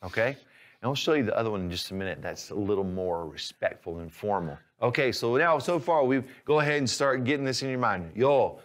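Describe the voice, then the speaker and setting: A man teaching a language lesson, explaining patiently and clearly, step by step. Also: medium pitch, animated, brisk. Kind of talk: instructional lesson.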